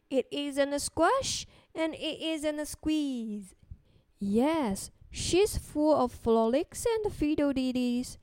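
A woman reading a children's picture book aloud in a gentle, sing-song way, then teaching words to kids. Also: high voice, no room sound. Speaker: storyteller for children.

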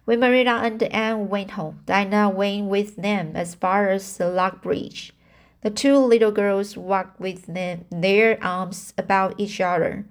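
A woman reading a novel aloud, slow and halting, stumbling and restarting on hard words. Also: medium pitch, steady tone. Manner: apologizes for mistakes. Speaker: reader. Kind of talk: amateur audiobook reading.

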